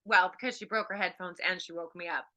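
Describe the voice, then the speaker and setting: A woman's voice: fairly low pitch, steady tone, fast talker, pushed and bright. A woman co-hosting an online talk, adding casual asides as the mother over a video call. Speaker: mother and co-host. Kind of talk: casual interjections.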